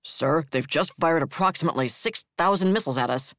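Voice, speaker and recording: A man's voice: a little high, a bit bright, no room sound, clean studio sound, lightly acted. Narrator voicing a tense male ops officer. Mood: worried. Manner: measured, worried briefing.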